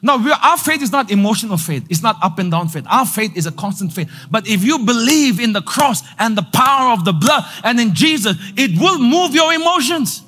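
A male pastor preaching a sermon, repeating lines for emphasis and building to loud declarations. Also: very high voice, lively intonation, fairly quick, few pauses, faint music behind.

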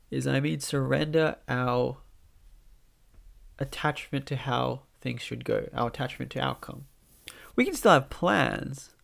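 A man gives an unhurried spiritual talk through a blocked nose, so his voice comes out nasal. Deep fry rasps under his words. His pitch sits mid-range, and he muses softly with small restarts.

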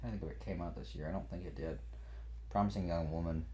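A man with a fairly low voice co-hosts a comedy podcast, needling his partner with jokes. His talk is loose and playful, breaking into sudden loud bursts. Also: steady tone, fast talker, a crowd in the background. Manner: teasing, jokey, sudden loud outbursts. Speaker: podcast co-host. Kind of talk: casual comedic banter.

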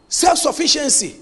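A man preaching a sermon as pastor, emphatic, often pausing for the congregation to finish his lines. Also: very high-pitched. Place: church hall. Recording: long hall reverb.

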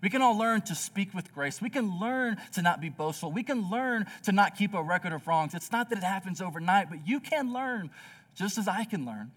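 Earnest young pastor preaching from afar. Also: male voice, sits high, expressive, normal speed, a bit bright, distant mic. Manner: earnest storytelling with many "like" fillers. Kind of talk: sermon. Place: church.

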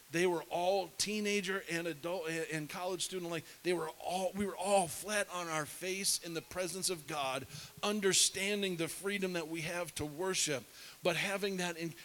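A man's voice: high voice, fairly even intonation, normal speed, fairly bright tone, low-quality recording. A middle-aged man preaching, telling a story with animation and dropping to a whisper to act out scenes. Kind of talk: sermon storytelling. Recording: faint hiss.

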